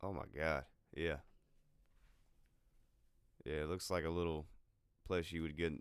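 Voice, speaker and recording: Deep-voiced laid-back podcast guy. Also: fairly even intonation, measured pace, clear, resonant tone, no echo. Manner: laid-back, says "dude" and "man". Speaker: podcast co-host. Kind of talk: casual chat.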